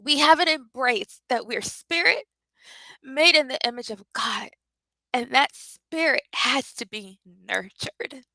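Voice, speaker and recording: A woman's voice: sits high, slow pace, pushed and bright, no room sound, poor audio. A woman teaching spiritual leadership with emotional, preacherly emphasis and repetition. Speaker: leadership coach.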